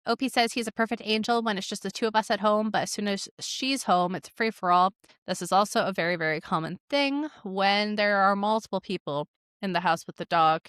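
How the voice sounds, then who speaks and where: A woman's voice: medium pitch, fairly bright tone, dry recording, studio quality. A young woman who trains dogs, chatting casually and commenting on stories she reads aloud, with lots of "like" and amused asides. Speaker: dog trainer and podcast host. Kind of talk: casual commentary reading online posts.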